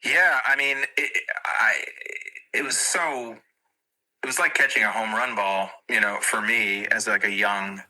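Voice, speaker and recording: Middle-aged comedian guest, from near Boston; bright, lowish voice, wry and self-mocking. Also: male voice, unhurried, poor audio. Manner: wry, self-deprecating storyteller. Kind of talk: casual podcast chat.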